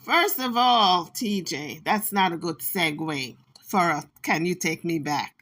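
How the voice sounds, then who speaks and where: A woman with a lowish, fairly bright voice speaks a little slowly as host of a commentary channel. She talks straight back to the clips, sassy, scolding, and teasing.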